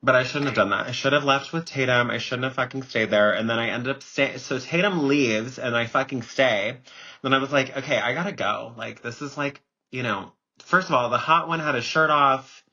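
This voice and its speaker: Husky, bright-voiced gossipy young man. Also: mid-range voice, fairly quick, muffled recording. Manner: gossipy and emphatic, swears freely. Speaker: podcast co-host. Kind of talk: casual chat.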